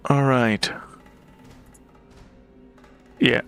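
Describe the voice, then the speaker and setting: A man running a tabletop game as game master, narrating at an easy pace with frequent pauses to think. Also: medium pitch, fairly even intonation, creaky, a bit bright, smooth, faint music behind. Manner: unhurried, with many fillers and restarts.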